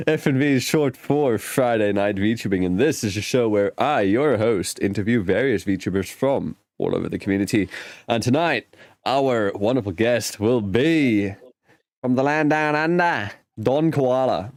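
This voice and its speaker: A male host of a casual online interview show, speaking at an everyday middle pitch. The sound is dry and close, with no room echo. He keeps things friendly with short, encouraging replies. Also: a little mellow.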